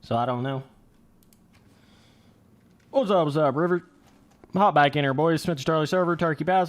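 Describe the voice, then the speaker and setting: A man's voice: on the high side, moderate pace, pauses often. A young man giving casual, rambling livestream commentary while playing a game, swearing freely. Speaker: gaming livestreamer.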